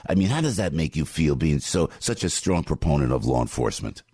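Male radio host, low and husky, emphatic rambling delivery. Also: sing-song, a little fast, a little mellow, dry recording, studio quality. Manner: emphatic, repeats himself, many fillers. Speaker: radio talk show host. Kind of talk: live talk radio, conversational.

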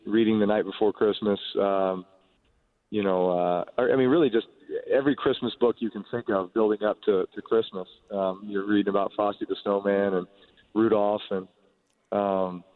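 Halting man on a tinny phone line. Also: on the low side, little pitch movement, dry recording. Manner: halting, many restarts and fillers. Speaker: quarterback guest. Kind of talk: casual radio phone interview.

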